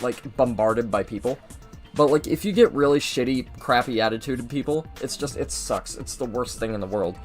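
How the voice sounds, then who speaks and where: A young man casually telling a rambling story over gameplay, acting out the people in it as he goes. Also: mid-range voice. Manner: rambling, animated, mimics people in his story. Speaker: gaming video host.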